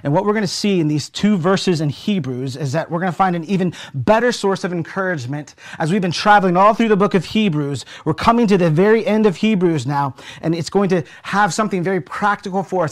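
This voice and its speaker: Young guy pastor preaching a sermon, fairly high voice, earnest storyteller, gets soft and hushed at the key bits. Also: normal speed. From United States. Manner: earnest storytelling, softening to a hush at key moments.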